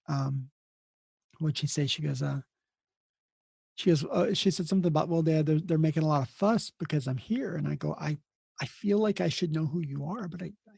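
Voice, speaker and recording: A man's voice: fairly high pitch, creaky, dark tone, slightly rough, dry recording. A middle-aged man, an emergency nurse, telling blunt, rambling stories in a casual interview and acting out the people in them. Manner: rambling anecdotes acted out with quoted dialogue, blunt. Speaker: emergency nurse and podcast host, here the guest.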